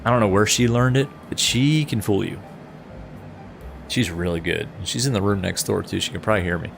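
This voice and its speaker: Middle-aged guy chatting on a flight sim stream, gravelly, laughs a lot, bit of music in the back. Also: on the low side, fairly quick. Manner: chatty, laughs often, answers chat. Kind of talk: casual live-stream chat.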